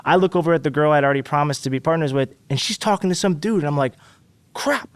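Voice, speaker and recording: A man telling a story as a podcast guest, animated and acting out quotes with big jumps in pitch. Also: very fast, smooth, dry recording. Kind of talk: casual storytelling.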